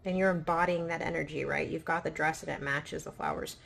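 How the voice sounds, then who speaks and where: A woman giving a pick-a-pile tarot reading in a gentle, affirming way, often checking in with "right?". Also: sits low, steady tone, fairly quick, vocal fry, slight background noise. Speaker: tarot reader.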